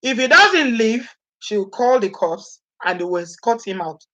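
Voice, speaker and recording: This Nigerian woman vlogger has a voice on the high side and speaks at a normal speed with a Nigerian accent. Chatting casually to live viewers, she's animated, laughs a lot and dramatizes quoted speech.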